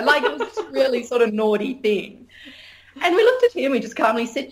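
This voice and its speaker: Frank, animated middle-aged woman, higher voice. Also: fairly quick. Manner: frank, animated, laughs often. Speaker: interview guest, sex educator. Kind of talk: candid conversational interview.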